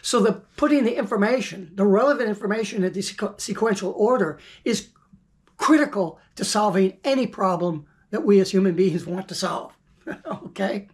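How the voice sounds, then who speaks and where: A woman's voice: mid-range voice, animated, moderate pace, darkish tone. A woman teaching forex trading in an informal monologue, blunt and conversational, often repeating words as she thinks and now and then swearing.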